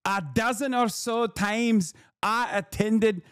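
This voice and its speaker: A man's voice: sits high, fairly even intonation, takes it slowly, a bit bright, smooth, no room sound, clean studio sound, voice pushed up. A man putting on a pompous, indignant male commentator with an exaggerated mock foreign accent, reading melodramatically. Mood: pompous outrage.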